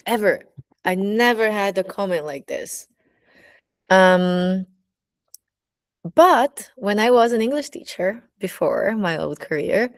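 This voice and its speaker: A woman's voice: mid-range voice, no echo, clean studio sound. A woman with a Brazilian accent, a burlesque teacher speaking candidly in a casual personal monologue, full of "you know, like" fillers.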